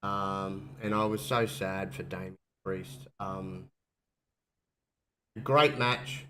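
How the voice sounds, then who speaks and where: Low-voiced man, sick and coughing. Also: fairly even intonation, takes it slowly, fairly bright tone. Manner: rambling, restarts, reads chat aloud. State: ill with covid, coughing. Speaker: podcast host. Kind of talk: casual wrestling chat.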